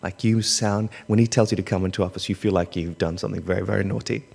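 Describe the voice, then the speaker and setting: A young man with an Australian accent telling a personal story to an audience, moving between soft asides and loud bursts. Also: sits low, steady tone, fast talker, gravelly. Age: young adult. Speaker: public speaker. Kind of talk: storytelling talk. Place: large hall. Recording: long hall reverb.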